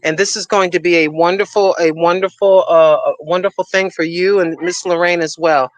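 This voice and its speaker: A woman from Puerto Rico hosting a casual livestream chat, talking in an excited, effusive way and repeating herself. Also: on the low side, fairly quick. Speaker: livestream host.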